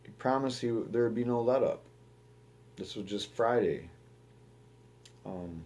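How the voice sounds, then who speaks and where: A man's voice: mid-range voice, measured pace, long pauses, mellow. A young man from the United States giving rambling, profane news commentary as the host of his own show, often restarting his sentences.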